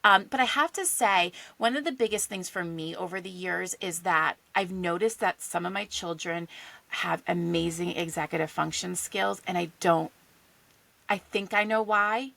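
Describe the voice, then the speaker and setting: A woman coach on a podcast, telling parenting stories in an earnest, storytelling way. Her voice is bright with a gravelly fry running through it, and it is recorded dry and close. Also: lowish voice, normal speed, dry recording. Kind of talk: casual chat.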